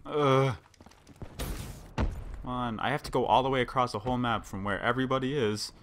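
A man's voice: mid-range voice, steady tone, fast talker, slight background noise. A man giving frustrated gameplay commentary, raging and swearing through his outbursts. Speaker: gamer. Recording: loud game gunfire over voice. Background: game gunfire and announcer.

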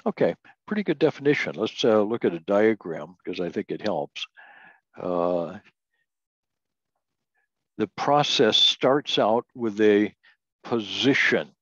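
An older man giving a slow, deliberate Bible doctrine lesson, reading scripture aloud and often restarting with "uh". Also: fairly low pitch, expressive, fairly bright tone, no room sound. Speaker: Bible teacher. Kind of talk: recorded doctrine lecture. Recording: dull lo-fi audio.

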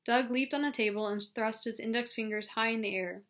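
A woman reading a novel aloud as an audiobook narrator, in a steady storytelling manner. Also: a little high, a little fast. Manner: steady storytelling with small self-corrections. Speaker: audiobook reader. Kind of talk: scripted narration.

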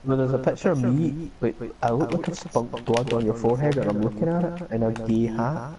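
A man's voice: medium pitch, a little fast, crowd noise, rough recording. A man chatting casually and crudely while streaming a game, swearing and joking. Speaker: live-stream gamer. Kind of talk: casual gaming chat.

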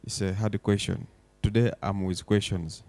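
Young man, low mellow voice, impassioned speechmaker building to forceful declarations, dry close sound. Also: fairly even intonation, normal speed, gravelly, no room sound. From Uganda. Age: young adult. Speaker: foundation director giving a speech. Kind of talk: emotional public speech. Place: event hall.

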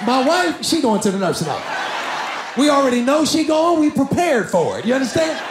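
A middle-aged man doing stand-up comedy, telling loud, animated stories and shouting his punchlines on a theater stage. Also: extremely high pitch, a little fast, background noise. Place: large theater stage with audience. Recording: echoey venue with crowd laughter.

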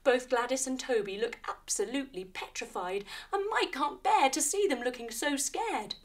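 A woman telling a guided yoga story for children, playful and animated with sound effects. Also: sits high, normal speed. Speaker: kids' yoga instructor and storyteller.

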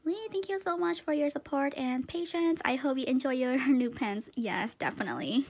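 A woman vlogger gushing through an unboxing, full of breathless exclamations and dipping into soft whispers. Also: high-pitched, lively intonation, moderate pace. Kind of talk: excited unboxing chat.

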